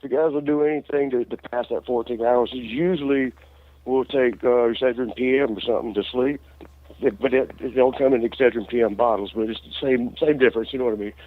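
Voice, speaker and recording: A middle-aged man with a twang tells a backstage story in a loose, rambling way, laughing as he goes and restarting his sentences. His voice sits at an everyday pitch, and the audio sounds dull and lo-fi, like an old radio show. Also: steady tone, a little fast, a little hiss or hum. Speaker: interview guest, former wrestler. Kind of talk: casual storytelling.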